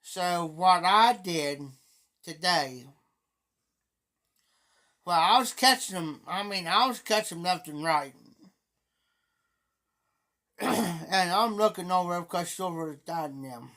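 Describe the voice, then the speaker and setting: A man's voice: high voice, lively intonation, slow pace, pauses often, pushed and bright. Rambling middle-aged man telling a story. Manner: rambling, repeats himself often. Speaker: live streamer. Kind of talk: casual storytelling.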